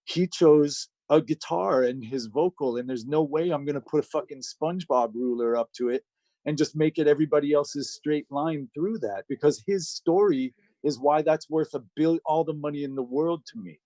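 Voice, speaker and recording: A man's voice: fairly high pitch, moderate pace, dark tone, no room sound. A middle-aged man, a record producer, telling a personal story in a casual, profane way, close to tears. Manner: casual and profane, with many fillers. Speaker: guest record producer and engineer.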